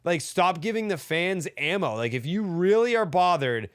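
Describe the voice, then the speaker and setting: A man's voice: high voice, very animated, moderate pace, fairly bright tone, clean tone, no echo, studio quality. A man co-hosting a sports podcast, ranting heatedly and swearing often. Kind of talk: casual sports talk.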